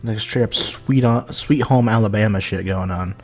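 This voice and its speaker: A man doing casual let's-play commentary with low, blunt reactions, swearing and disbelieving. Faint game music runs behind his voice. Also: normal speed. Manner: incredulous, swearing. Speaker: gaming channel host.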